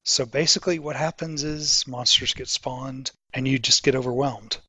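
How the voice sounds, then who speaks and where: A man's voice: mid-range voice, fairly even intonation, moderate pace, bright, forceful tone, breathy edge, dry recording. A man co-hosting a podcast, explaining things at length in eager, casual chat. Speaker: podcast co-host.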